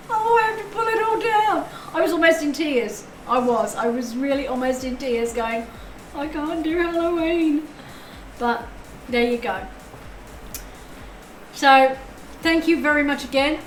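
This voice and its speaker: A woman with a bright, high voice reads tarot on a live stream and chats effusively with her viewers. Her voice rings around an echoey room, and a faint ambient hum sits underneath. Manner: effusive, chatty, thanks viewers often.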